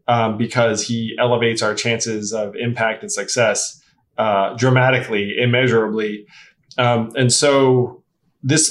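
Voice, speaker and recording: A man looks back on shared memories in a relaxed conversation. He rambles and fills his pauses with "like" and "you know." His voice sits at a middle pitch. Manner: rambling, many fillers, laughs easily. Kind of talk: casual reminiscing conversation.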